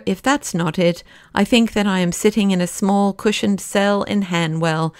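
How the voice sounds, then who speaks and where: A man's voice: sits high, smooth, no echo, studio quality. A woman reading an audiobook, voicing a hearty, impatient young male doctor in a raised voice. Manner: blunt, boisterous and impatient.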